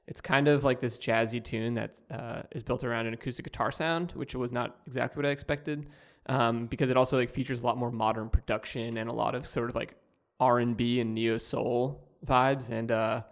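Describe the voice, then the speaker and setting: Gravelly guy hosting a podcast, rambles along with lots of ums. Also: mid-range voice, fairly even intonation. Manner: rambling, with many pauses and fillers. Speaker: podcast host. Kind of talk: casual chat. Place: studio.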